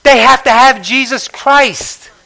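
A man's voice: extremely high pitch, takes it slowly, gravelly, sharp tone, rough recording. A man preaching a sermon from the pulpit as pastor, emphatic, repeating his phrases and prodding the congregation to respond.

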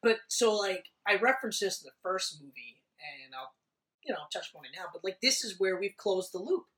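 A man in casual chat about a movie, talking excitedly and swearing a lot. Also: high voice, fairly quick, distant mic, rough recording. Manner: excited, profane, swears often.

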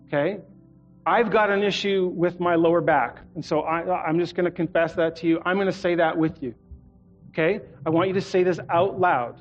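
A man preaching a sermon as a guest in a church, earnest and leading the congregation to repeat phrases after him. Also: high voice. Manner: earnest, leads congregation in call-and-response. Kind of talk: sermon with prayer. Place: church auditorium. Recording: muffled church recording with soft music.

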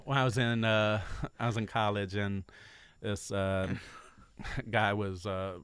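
A man's voice: lowish voice, flat delivery, slow pace, a bit bright, smooth, dry recording. A man from the US South, a guest musician, telling rambling, self-mocking stories in a casual podcast chat.

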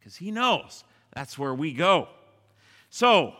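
A pastor preaching a sermon, leading his congregation in a repeated refrain. He swings between loud rallying calls and hushed, quiet lines. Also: fairly high pitch, sing-song, takes it slowly. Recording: echoey church hall.

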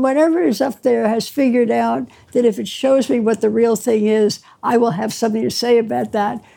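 With a fairly high pitch, vocal fry, a warm tone and a breathy edge, an older woman pediatrician shares her story in an interview. She is reflective and wry, and laughs between phrases as she talks.

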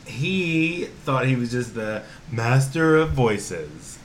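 A man co-hosting a casual podcast, teasing his friend with quick, profane interjections. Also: mid-range voice, big pitch swings, slight background noise. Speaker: podcast co-host. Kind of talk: casual chat.

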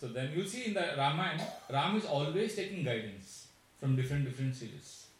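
A man gives an animated spiritual talk and narrates an epic with lively dramatic touches. His voice sits fairly high for a man. The sound is heavily echoey and comes from some distance away from the microphone. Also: a little fast. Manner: animated storyteller, acts out quotes. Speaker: spiritual teacher. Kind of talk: storytelling talk. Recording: very echoey room, voice from afar.

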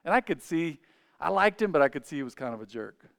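A man preaching a sermon to a church congregation. He talks conversationally, asks the congregation questions, and swings between loud, emphatic points and quiet asides. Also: fairly high pitch, sing-song, quick pace, gravelly, no room sound, studio quality. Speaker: pastor.

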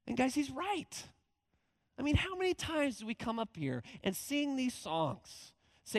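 High-voiced animated male pastor. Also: measured pace, no room sound. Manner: animated, acts out quoted voices with laughs. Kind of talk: conversational sermon.

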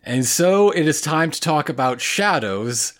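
A man's voice: on the high side, lively intonation, measured pace, a bit bright. A man co-hosting a podcast, recapping an anime episode in casual chat, laughing often and stumbling over fillers. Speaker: podcast co-host.

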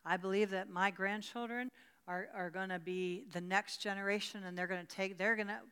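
A woman's voice: mid-range voice, steady tone, fairly quick, fairly bright tone, clear, resonant tone, big-room sound. An older woman from rural Pennsylvania teaching a church Bible study, fervent and repeating her words as she answers questions from the group.

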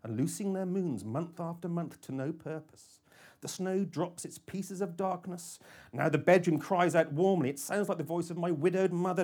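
A man reading a first-person thriller audiobook with an intense delivery that moves between hushed and urgent. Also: fairly high pitch, normal speed. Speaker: audiobook narrator.

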